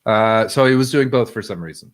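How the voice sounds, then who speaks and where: A man's voice: on the low side, brisk. A man co-hosting a casual live stream, tired and just woken up, telling stories in a laid-back way. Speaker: podcast co-host.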